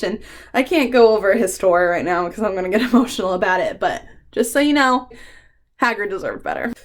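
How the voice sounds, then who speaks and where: A woman's voice: mid-range voice, big pitch swings, fairly quick. A woman doing a casual book tag vlog, chatty and emotional, swearing freely and laughing between remarks. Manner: emotional, fond rambling with frequent ums. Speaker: book vlogger.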